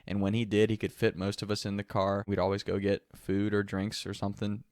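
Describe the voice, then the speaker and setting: A man's voice: fairly low pitch, a little fast, no room sound, studio quality. A young man telling a funny story from his teens in a casual way, often laughing as he goes. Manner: laughs through the telling, animated. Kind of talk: casual anecdote.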